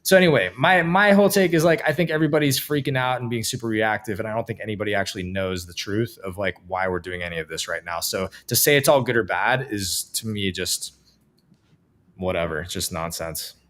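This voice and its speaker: A man co-hosting a casual podcast, talking in an animated, emphatic way and swearing now and then. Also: fairly low pitch, brisk. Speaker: podcast co-host. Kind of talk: casual chat.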